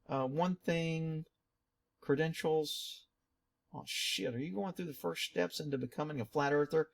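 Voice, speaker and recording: Chatty man reading comments aloud. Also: a little high. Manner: chatty and animated, mocking and muttering asides. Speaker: channel host reading viewer comments. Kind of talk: casual commentary.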